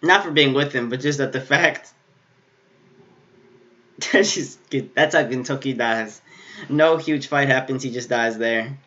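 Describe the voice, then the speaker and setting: A man hosting an anime reaction video, excitable and laughing as he talks back to the screen in casual commentary. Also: mid-range voice, a little slow, pauses often, lo-fi sound. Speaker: anime reaction channel host.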